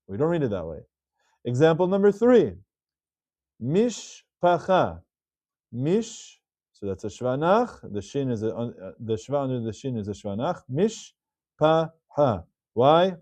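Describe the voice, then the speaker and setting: Dark-voiced man teaching a reading lesson. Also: mid-range voice, no room sound. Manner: patient, repeats key words slowly. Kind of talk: explanatory video lesson.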